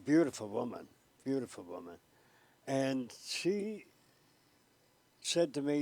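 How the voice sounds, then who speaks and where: A man in his seventies, a former TV weatherman, telling lively anecdotes as an interview guest. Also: mid-range voice, takes it slowly, gravelly, pauses often, dry recording. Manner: animated storyteller who jumps between voices.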